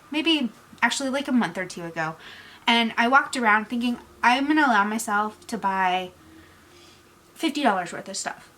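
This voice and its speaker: A woman chatting casually in a get-ready-with-me vlog, candid and reflective, teary-eyed, trailing off into pauses. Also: medium pitch, a bit bright, low-quality recording. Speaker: beauty vlogger.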